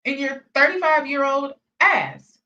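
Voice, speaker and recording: A woman's voice: sits high, unhurried, bright, forceful tone. A woman hosting a reaction video, challenging and questioning in a repetitive way. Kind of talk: reaction commentary. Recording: dull sound, distant from mic.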